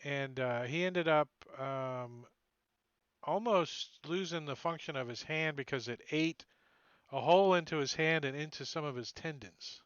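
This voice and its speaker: A man's voice: fairly high pitch, unhurried, a bit bright, clear, resonant tone, no echo. A man running a tabletop game as dungeon master, narrating casually with filler words and frequent laughs, over dull lo-fi stream audio.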